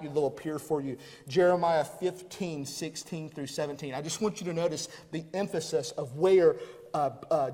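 A man preaching a sermon as pastor, with rhythmic repetition that builds to loud, emphatic peaks. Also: on the high side. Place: church sanctuary. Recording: long hall reverb.

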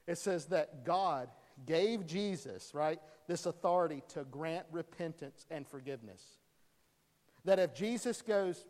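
A man preaching a sermon as a pastor, animated, acting out crowd dialogue as he teaches. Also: high-pitched. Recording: long hall reverb.

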